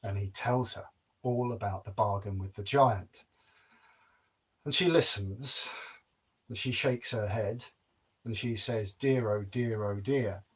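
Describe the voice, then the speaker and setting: A man's voice: fairly low pitch, takes it slowly, long pauses, a bit bright, slightly rough. A man telling a folk tale aloud in a playful, wry, dramatic way. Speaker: storyteller. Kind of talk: oral folk-tale storytelling.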